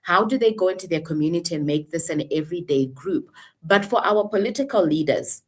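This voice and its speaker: Low-voiced woman, impassioned panel speaker. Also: expressive. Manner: earnest, rhetorical, drawn-out emphasis.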